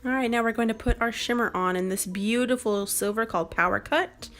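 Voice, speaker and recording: Calm woman talking through a makeup tutorial. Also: fairly high pitch, fairly quick, faint music behind. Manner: calm, step-by-step instructional. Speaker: beauty vlogger.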